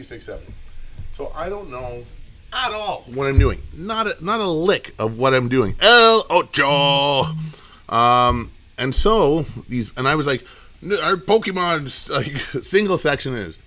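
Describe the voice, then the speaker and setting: A man's voice: mid-range voice, expressive, sharp tone. A man who owns a comic shop, running a live auction and telling rambling shop stories in casual chat. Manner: rambling storyteller, quick asides.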